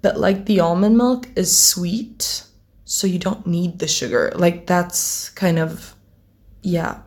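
A woman's voice: on the low side, takes it slowly, a little mellow. A teenage girl chatting casually to camera as a vlogger, rambling, giggling often and swearing offhandedly. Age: teens.

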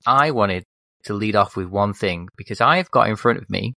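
Wry man, lively pitch. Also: normal speed, creaky, no echo. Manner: wry, teasing. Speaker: podcast co-host. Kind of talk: casual film chat. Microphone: desk microphone.

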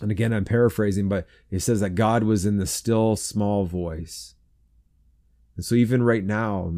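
A man giving an earnest devotional talk to men, then praying aloud in a soft, repetitive, interceding way. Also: lowish voice, fairly even intonation, moderate pace. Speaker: men's ministry speaker.

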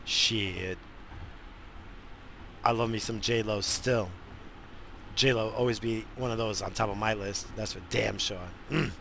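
A man's voice: on the low side, steady tone, slow, creaky, long pauses, bright, forceful tone, a little hiss or hum. A man from the United States hosting a show, ranting in a profane, rambling, fired-up way from inside a car. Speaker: radio show host. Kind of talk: profane casual rant.

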